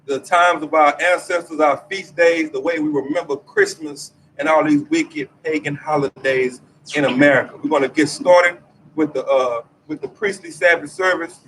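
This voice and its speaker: A man's voice: a little high, steady tone, normal speed, a bit bright, a little hiss or hum, rough recording. Man opening a religious service. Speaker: service announcer.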